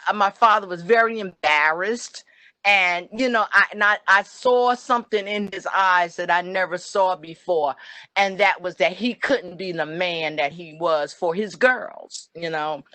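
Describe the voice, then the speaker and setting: Bright-voiced older woman telling a story. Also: medium pitch, measured pace, dry recording. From New Jersey. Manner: animated, acts out quoted voices. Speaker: webinar presenter. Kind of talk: personal storytelling.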